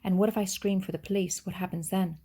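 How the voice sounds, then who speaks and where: A woman's voice: medium pitch, fairly even intonation, fast talker, mellow, husky, close to an everyday voice. A woman voicing a stubborn young girl who fires off raised, pressing questions. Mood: indignant.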